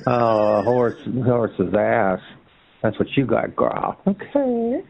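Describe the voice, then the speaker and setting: A man's voice: steady tone, slow pace, vocal fry. Taunting man on a tinny phone line. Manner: taunting, mocking, swinging into a shrill sneer. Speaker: chat line caller. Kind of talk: heated phone argument.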